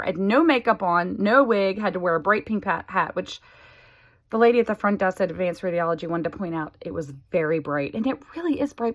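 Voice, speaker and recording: A woman's voice: medium pitch, fairly bright tone. A woman in her forties talking candidly to the camera, chatty and exasperated. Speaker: vlogger sharing a health update. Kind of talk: casual chat to camera.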